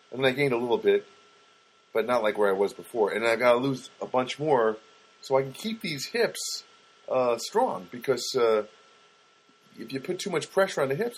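A middle-aged man riffs in a loose, rambling comic monologue, wry and self-mocking. His voice sits at a mid pitch. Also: breathy edge. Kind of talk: casual comedic monologue.

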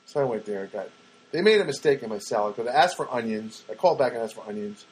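A man rambling through everyday stories in a chatty, excitable monologue, often repeating himself and acting out other people's voices. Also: mid-range voice, quick pace, slightly rough, rough recording.

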